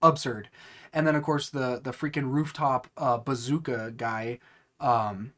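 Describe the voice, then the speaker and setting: A man's voice: medium pitch, steady tone, unhurried, fairly bright tone. A young man hosting a casual let's play, chatting and joking with viewers, with bursts of frustration. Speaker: gaming channel host.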